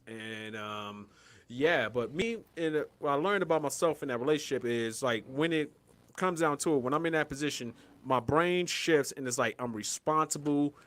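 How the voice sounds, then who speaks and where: A young man from Colorado co-hosting a casual podcast, rambling and profane, breaking into loud hyped yelling. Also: medium pitch. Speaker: podcast co-host.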